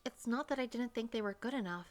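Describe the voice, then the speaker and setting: Woman as a brash young American woman, defensive and brisk; first-person game narration. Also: on the high side, close to an everyday voice.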